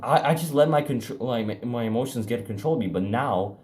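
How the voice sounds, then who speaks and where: A young self-improvement vlogger speaks to the camera in a medium-pitched, slightly mellow voice with lively intonation. His casual motivational talk is frank and profane, rambling with restarts and fillers, and he varies his pace for emphasis.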